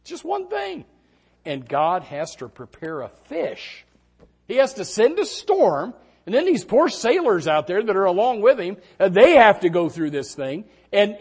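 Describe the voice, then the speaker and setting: A middle-aged man delivers a sermon with a lively, swooping voice pitched a little high. He moves between quiet reflection and animated storytelling, and he shouts the lines he quotes. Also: moderate pace, breathy edge. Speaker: pastor.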